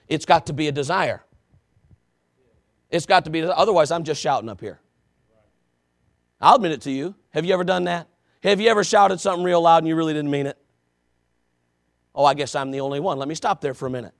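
A man preaching a sermon, telling a story with asides to the congregation and swinging from shouting to quiet confession. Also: on the high side, brisk, vocal fry, pauses often.

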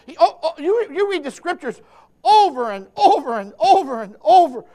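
A man's voice: very high voice, sing-song, moderate pace. A man preaching a fervent sermon, emphatic and impassioned, stammering into restarts and calling out to his listeners. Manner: impassioned, emphatic, swings between hushed and shouting, calls out to listeners.

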